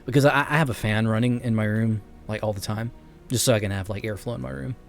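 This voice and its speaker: A man's voice: lowish voice, fairly even intonation, quick pace, vocal fry, soft background music. Rambling man in his late twenties. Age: late 20s. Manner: rambling, chuckles often, self-interrupting. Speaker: streamer. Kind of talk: casual live-stream chat while gaming. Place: his bedroom at home. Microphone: streaming mic with noise gate.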